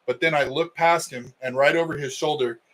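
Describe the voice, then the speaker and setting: A man's voice: on the high side, steady tone, a little fast, a bit bright, poor audio. A middle-aged man, a wrestling coach co-hosting a podcast, telling a story in casual chat and acting out the quotes.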